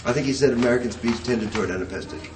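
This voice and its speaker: A man's voice: mid-range voice, rapid-fire, background noise. A man lecturing a poetry class, rambling and hesitant, chanting rhythms aloud to show them. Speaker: poetry teacher.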